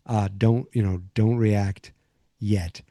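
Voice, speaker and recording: A man's voice: fairly low pitch, steady tone, slow pace, mellow, no room sound, studio quality. A man hosting a podcast, recapping an episode in a loose, casual way, full of fillers and restarts. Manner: rambling, many fillers and restarts. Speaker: podcast host.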